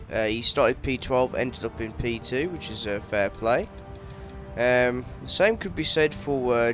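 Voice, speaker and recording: Rambling gamer man, hiccuping. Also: medium pitch. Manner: rambling, with many fillers and self-corrections; excitable, laughing outbursts. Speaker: gaming YouTuber. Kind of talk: casual race recap commentary.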